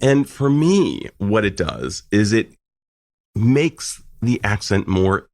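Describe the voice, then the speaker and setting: Low-voiced man hosting a podcast. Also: very animated, slow pace, dry recording, studio quality. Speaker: podcast host. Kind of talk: casual interview talk.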